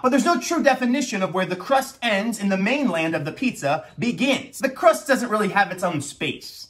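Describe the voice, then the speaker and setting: A young man with a high, fairly bright voice hosts an upbeat pizza review vlog. Between bites, he cracks jokes and makes theatrical announcements.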